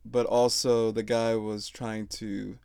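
Young man, gravelly voice, blunt, casual podcast chat. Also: lowish voice, flat delivery, slow, warm tone, no room sound, studio quality. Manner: laid-back, blunt, swears. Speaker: podcast co-host.

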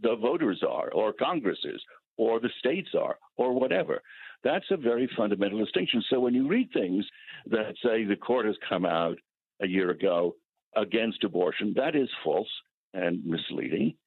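A man, a legal scholar guest, explaining constitutional questions in a measured, lecturing way over a phone-line interview. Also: on the low side, expressive, gravelly, slightly rough, no room sound.

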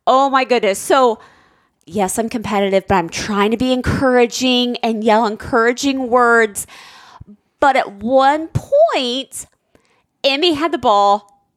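A high, lively woman's voice rises and falls sharply as she tells a story and acts out the lines. The sound is dry and close, with no room at all. She sounds like a co-host in her thirties chatting with her husband. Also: takes it slowly, no echo. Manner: animated, acts out quotes with big pitch jumps. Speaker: podcast co-host, parent. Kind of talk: casual storytelling chat.

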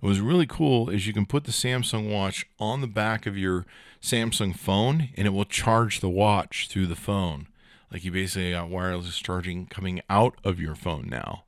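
A man's voice: low-pitched, moderate pace, dry recording, clean studio sound. A male podcast host giving a casual, rambling rundown of tech news, joking and swearing as he goes. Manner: rambling, profane, joking asides.

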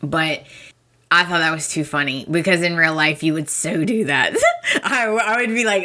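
A woman's voice: low voice, normal speed, pushed and bright. A woman hosting a podcast, chatting casually and emphatically as she recaps a soap opera, often laughing. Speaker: podcast host.

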